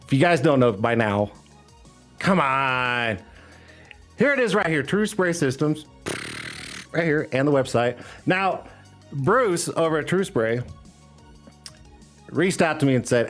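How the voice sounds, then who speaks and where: A man with a fairly bright, higher voice and lively intonation hosts a casual stream at a measured pace, leaving long pauses. He rambles and hypes up his chat, full of "uh"s and laughter, over faint background music.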